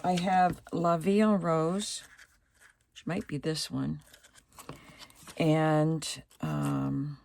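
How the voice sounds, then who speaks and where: A woman vlogging casually about her craft supplies, thinking aloud and admiring each item, her voice still rough from the morning. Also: low voice. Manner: slow and chatty, softly admiring, thinking aloud. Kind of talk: casual show-and-tell vlog.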